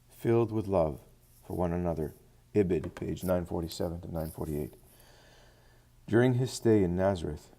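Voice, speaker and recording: A man reading a devotional book aloud in a steady manner, citing page numbers as he goes. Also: sits low. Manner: steady, reads citations aloud. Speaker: reader.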